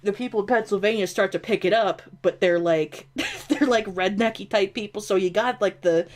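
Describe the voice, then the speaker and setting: A woman's voice: mid-range voice, fairly even intonation, fairly quick. A woman with an upstate New York accent, chatting casually and ramblingly on a gaming stream. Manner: rambling, full of "like", laughs easily. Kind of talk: casual chat while gaming.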